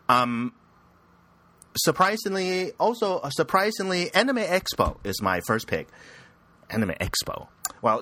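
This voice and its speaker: A young man talks through anime news in a loose, rambling way, jumping around in pitch with a bright, forward tone. He's crude and self-mocking, and the recording is close and dry, with no room sound. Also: no room sound. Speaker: podcast host. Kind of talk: casual anime news commentary.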